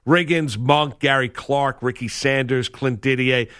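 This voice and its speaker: A man co-hosting a sports talk show, talking in an animated, opinionated way with lots of emphasis. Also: medium pitch, measured pace, smooth. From grew up a Washington football fan.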